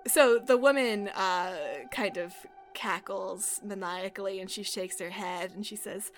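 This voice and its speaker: A woman's voice: medium pitch, unhurried, hardly any pauses, faint music behind. A woman narrating a tabletop game as game master, with hesitant, giggly narration.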